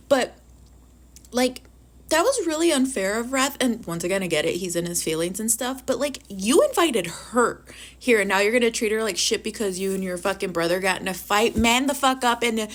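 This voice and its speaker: A woman reviewing a TV episode in a casual vlog. She rants in an animated, profane way and fills her speech with "like". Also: on the high side. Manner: filler-heavy with frequent "like". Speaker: book reviewer.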